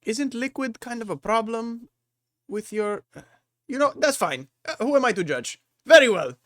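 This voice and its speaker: A man's voice: very high-pitched, lively intonation, moderate pace, a bit bright, no room sound, voice pushed up. A man voicing a friendly, hearty tavern barkeeper who speaks politely in a tabletop game, recorded dry and close. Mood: welcoming. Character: friendly middle-aged male tavern barkeeper.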